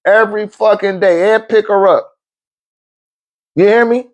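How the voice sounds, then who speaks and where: A man's voice: high-pitched, steady tone, measured pace. A middle-aged man, giving blunt, profane life advice in a casual monologue and laughing often.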